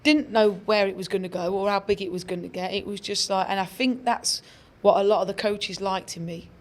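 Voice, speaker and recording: A woman's voice: medium pitch, brisk. A woman, a professional footballer chatting as a guest and animatedly acting out the people in her stories. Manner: animated storyteller, acts out quoted people. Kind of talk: casual interview chat.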